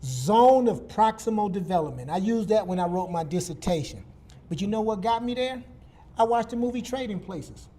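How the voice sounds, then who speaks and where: Man, from Detroit, middle-aged, high voice, animated, repeats himself for emphasis. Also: normal speed. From Detroit, USA. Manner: animated, vivid storyteller with repetitions. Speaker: guest speaker. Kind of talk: casual storytelling talk.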